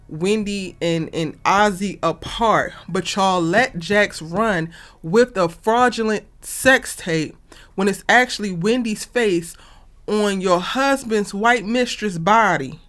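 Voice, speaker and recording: A woman reviewing a TV episode in a casual, animated and exasperated way, talking straight to her viewers. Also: medium pitch. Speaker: TV review vlogger.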